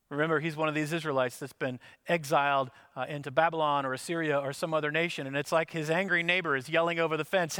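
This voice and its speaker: A man gives a reflective sermon in a slightly raised voice. He is earnest and unhurried, and he leans into each scripture line. The sound is close and dry, with no room echo. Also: a little high, steady tone, fairly bright tone. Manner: reflective, earnest, reads scripture aloud with slow emphasis. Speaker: pastor.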